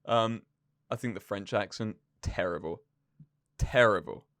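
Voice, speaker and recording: A man's voice: on the low side, unhurried, a bit bright, no room sound, studio quality. A young man co-hosting a podcast, telling rambling, self-mocking stories in casual chat. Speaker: podcast co-host.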